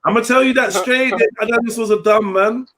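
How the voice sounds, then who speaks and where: A man's voice: very high-pitched, moderate pace, fairly bright tone. A young man hosting a livestream, joking, swearing and laughing in slangy casual banter. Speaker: livestream host.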